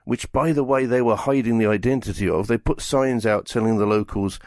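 A man in his fifties co-hosting a podcast, wandering through anecdotes and slipping into little acted-out quotes. His voice sits at a middling pitch. The sound is dry and close, with no room around it. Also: brisk, no echo. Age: 50s. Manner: rambling, animated storytelling with acted-out quotes. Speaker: podcast co-host. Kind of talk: casual chat.

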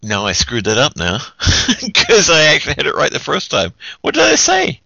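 A man's voice: a little high, huge pitch swings, moderate pace, creaky, bright, forceful tone, dry recording, dull audio. A man giving a joking, tipsy holiday greeting as a podcast guest, giggly and singsong.

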